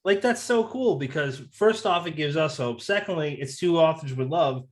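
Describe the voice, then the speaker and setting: A man's voice: fairly high pitch, animated, moderate pace. A man co-hosting a podcast, asking questions with enthusiastic, joking energy and casual swearing. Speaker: podcast co-host.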